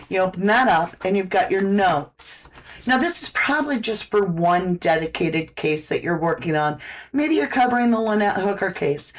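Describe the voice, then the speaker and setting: A woman's voice: mid-range voice, a little hiss or hum. A woman hosting a casual live-stream, chatting folksily about products and reading out viewer comments, a little out of breath.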